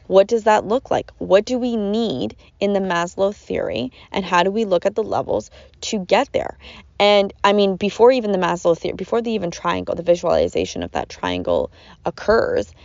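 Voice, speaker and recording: A woman's voice: mid-range voice, lively intonation, moderate pace, vocal fry, darkish tone, dry recording. A woman hosting a podcast, giving an earnest, rambling self-help talk that repeats its phrases, in a dull lo-fi recording. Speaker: podcast host.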